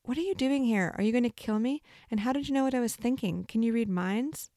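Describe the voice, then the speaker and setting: A woman doing a frightened young girl, high and urgent. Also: fairly even intonation, quick pace, mellow, no echo, clean studio sound, lightly acted. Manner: high anxious pleading questions.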